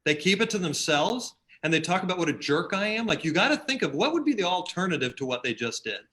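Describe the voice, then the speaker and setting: Bright-voiced man telling stories. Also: high voice, quick pace. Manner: storytelling, acts out quotes in animated voices. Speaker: podcast guest, team leader. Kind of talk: casual chat.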